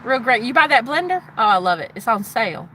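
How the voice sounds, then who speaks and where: Imagine a chatty Southern shop clerk with a lazy drawl, forever calling customers honey, as a livestreaming woman puts her on. Her voice pitches up high and rings bright and sharp. Her lines bounce along in a sing-song lilt. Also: big pitch swings, quick pace, slight background noise. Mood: chirpy.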